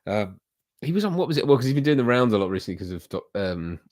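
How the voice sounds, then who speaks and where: A man's voice: mid-range voice, sing-song, fast talker, a little mellow, dry recording, clean studio sound. A man hosting a casual livestream, chatting loosely with viewers in a rambling, self-deprecating way. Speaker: livestream host.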